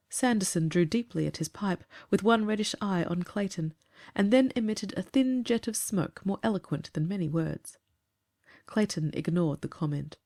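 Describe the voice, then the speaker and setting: A woman narrating a classic story in a composed, even reading. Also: mid-range voice, moderate pace.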